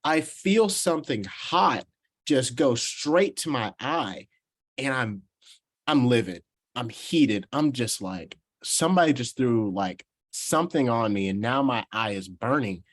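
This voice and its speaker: A young man from Georgia in the US tells a story in an animated way in a relaxed interview. His voice sits at an ordinary middle pitch. He laughs between lines and often restarts his sentences. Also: measured pace. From Georgia, USA. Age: 20s. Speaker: professional baseball player guest.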